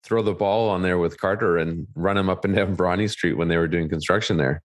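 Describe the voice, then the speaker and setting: A man co-hosting a real estate podcast in a calm, easygoing, agreeable way. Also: low-pitched, a little fast. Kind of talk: casual podcast chat. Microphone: studio podcast microphone.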